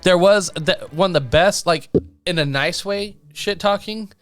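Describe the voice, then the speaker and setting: A man's voice: high-pitched, unhurried, a bit bright, faint music behind. A man co-hosting a casual sports podcast, speaking bluntly and swearing casually. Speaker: podcast co-host.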